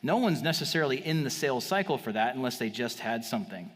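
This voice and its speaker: A man's voice: animated, a bit bright, big-room sound. A man giving a confident, salesy marketing talk on stage at a live event. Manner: fast, salesy, confident pitching. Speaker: marketing speaker.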